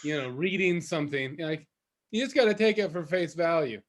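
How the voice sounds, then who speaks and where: Chill guy co-hosting a podcast, slightly high voice, lots of ums and likes. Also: fairly quick. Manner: laid-back, laughs along, relaxed filler-heavy talk. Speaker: podcast co-host. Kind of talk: casual chat.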